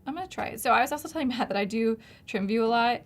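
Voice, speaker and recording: Racing along in a slightly high, expressive voice, a woman hosts a live design stream. The designer keeps it casual, narrating every step of her demo as she chats and laughs a lot.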